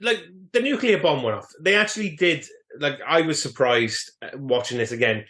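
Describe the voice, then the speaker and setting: A man's voice: fairly high pitch, expressive, normal speed, a bit bright. A man co-hosting a film podcast, chatting casually and teasing his friends with a laugh. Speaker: podcast co-host. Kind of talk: casual film-review chat.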